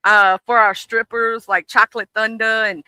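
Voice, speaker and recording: A man's voice: sits high, little pitch movement, normal speed, pushed and bright, smooth, no echo, rough recording. A man in casual, joking livestream chat, reminiscing and greeting viewers in the chat. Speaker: livestream co-host.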